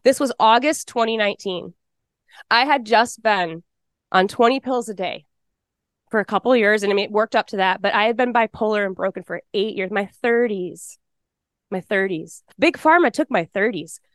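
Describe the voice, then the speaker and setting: A Texas woman in her forties gives her personal testimony in an interview, talking fast and with strong emotion. Her voice is mid-range, and the recording is dry with clean studio sound.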